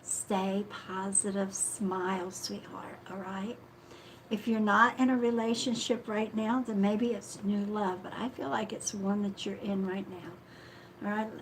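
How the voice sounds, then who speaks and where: A woman hosts a live psychic reading stream, speaking in a soft, affectionate tone and calling viewers sweetheart. She often apologizes and trails off mid-thought. The audio is a noisy live-stream recording with a clear hiss underneath. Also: medium pitch, level tone, unhurried. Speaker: psychic reader.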